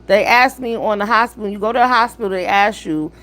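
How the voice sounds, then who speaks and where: A woman's voice: mid-range voice, fast talker, fairly bright tone. A woman hosts a live stream, blunt and profane, firing off rhetorical questions and lecturing her chat. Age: 50s. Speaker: livestream host. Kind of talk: live-stream commentary with chat shout-outs.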